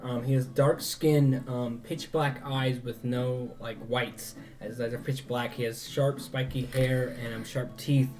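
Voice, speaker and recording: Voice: medium pitch, steady tone, measured pace, few pauses, darkish tone, soft background music. A game master narrating a tabletop game in a rambling way, full of fillers.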